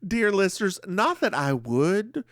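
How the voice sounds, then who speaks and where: A man co-hosting a podcast, recapping a TV episode in casual chat with animated, theatrical storytelling. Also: high-pitched, measured pace. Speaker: podcast co-host.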